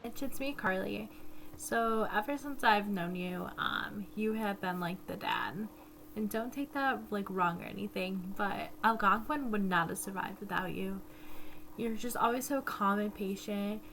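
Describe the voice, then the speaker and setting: A woman's voice: medium pitch, unhurried, slight background noise. Giggly woman's video tribute. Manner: warm, giggly, with many ums. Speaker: camp staff member. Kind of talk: recorded video message.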